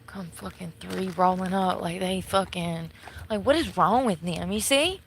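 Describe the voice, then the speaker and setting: A woman's voice: on the low side, unhurried, creaky, slight background noise, poor audio. A woman livestreaming outdoors at night from her phone, bitter and swearing constantly as she rants. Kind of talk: angry profane ranting livestream. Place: outdoors at night near a shopping center. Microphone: phone camera.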